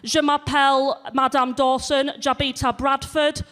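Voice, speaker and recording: Swaggering Yorkshire schoolteacher lady, put on by a woman comic, high, drawn-out, loud. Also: flat delivery, a little hiss or hum. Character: brash northern woman French teacher.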